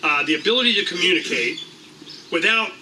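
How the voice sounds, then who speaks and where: Speaking brisk and expressive in a voice that sits high, a middle-aged man hosts a liberty meeting, rambling irreverently and swearing casually as he addresses the room. The meeting-room recording comes from a distant mic and carries faint noise.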